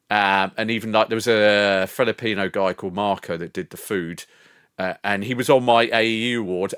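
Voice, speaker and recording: A man's voice: fairly low pitch, fairly bright tone, no room sound, clean studio sound. An older man streaming from home, chatting casually with his viewers, rambling, swearing and laughing often. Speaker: live streamer. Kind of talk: casual chat with live chat.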